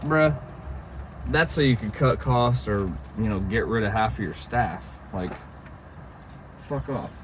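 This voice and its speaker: A man's voice: on the low side, normal speed, few pauses, noisy background. A man vlogging in a casual chat, rambling with lots of fillers and the odd swear word.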